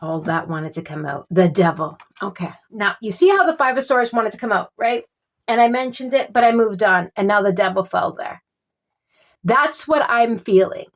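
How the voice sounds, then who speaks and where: A woman giving a casual tarot reading. She gropes for words with many fillers and keeps offering calm reassurance. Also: mid-range voice, moderate pace. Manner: reassuring, repeats soothing phrases. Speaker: tarot reader.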